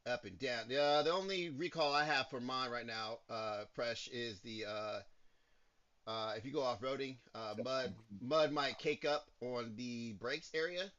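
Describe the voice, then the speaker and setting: A man's voice: mid-range voice, a little slow, fairly bright tone, dull audio. A man co-hosting a podcast in casual banter, complaining in an exasperated, profane way. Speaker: podcast co-host.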